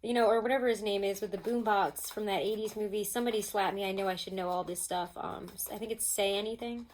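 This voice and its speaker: A woman's voice: mid-range voice, fast talker, a little hiss or hum, poor audio. Woman, chatty tarot reader, casual, lots of fillers, at home. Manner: chatty, animated, many "like" and "um" fillers. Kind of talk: casual tarot reading to viewers. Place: home with pets nearby.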